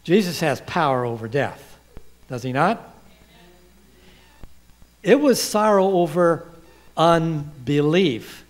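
A man's voice: a little high, animated. A man preaching a sermon, quoting scripture and asking the congregation questions. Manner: asks the congregation questions and pauses for replies; quotes scripture with rising emphasis.

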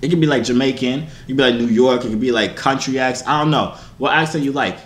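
A man's voice: mid-range voice, fast. Playful, teasing young man in an echoey room. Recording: echoey room, faint background hiss.

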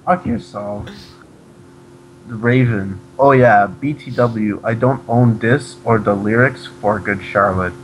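Deadpan lower-voiced man reading aloud. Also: slow pace, slight background noise, low-quality recording. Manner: deadpan reading, breaks off to mock the text. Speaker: reader of a fan fiction. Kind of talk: comedic dramatic reading.

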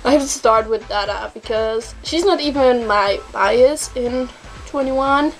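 A young woman with a high voice talks in an unhurried, drawn-out way, gasping and gushing as she reacts. Faint music plays behind her, and her exclamations keep tumbling out one after another. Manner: gushing, gasping, repeats oh my god. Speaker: reaction video host. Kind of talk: excited music video reaction. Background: music playing.

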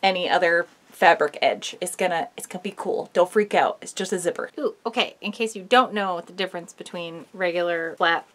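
A woman's voice: lowish voice, brisk, hardly any pauses, fairly bright tone. A young woman chatting casually through a sewing tutorial in a costume workshop, rambling and poking fun at herself. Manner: chatty, self-mocking, rambling asides. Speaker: sewing vlogger.

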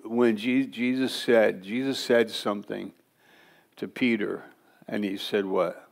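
Slow, gravelly man teaching a Bible class. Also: lowish voice, steady tone. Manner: conversational, digressive teaching with quick asides. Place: church classroom.

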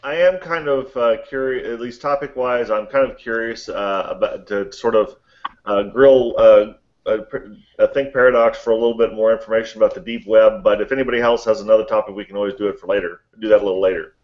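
A man's voice: on the low side, steady tone, fast talker. A man hosting a casual online group chat, rambling and hesitant with many fillers, on a muffled line. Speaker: host of an online chat stream.

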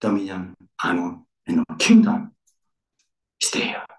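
Recorded from far off in the echoey space of a church centre, this male pastor's sermon is emphatic, with key words repeated and stressed more each time. He has a low-pitched voice that swings widely, delivered at a measured pace.

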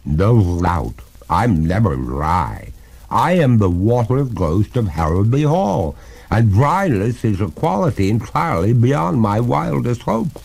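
A man voicing a haughty, centuries-old female water ghost with a gurgling voice, speaking slowly and grandly on a story record. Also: on the low side, big pitch swings, creaky, darkish tone, husky, heavily acted. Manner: slow, grand, indignant speech.

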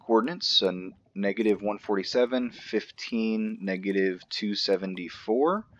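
A man's voice: low voice, lo-fi sound, a little hiss or hum. A man hosting a gaming channel, talking casually through his play with joking asides to himself. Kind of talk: casual let's-play commentary.

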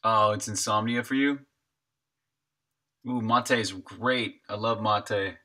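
Bright-voiced man chatting on a live stream. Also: on the low side, steady tone, slow. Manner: chatty, answers chat questions while working. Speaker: indie game developer and streamer. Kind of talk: casual live-stream chat with viewers.

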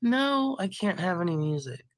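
A woman live streaming with a hoarse voice from being sick, rambling casually, laughing and swearing now and then. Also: fairly low pitch, sing-song, normal speed, rough recording. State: hoarse from illness.

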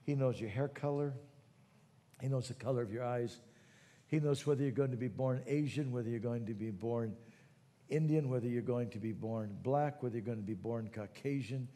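A man preaching a sermon, moving between quiet teaching and loud, fervent calls to prayer. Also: medium pitch, moderate pace, in a large hall. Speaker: pastor.

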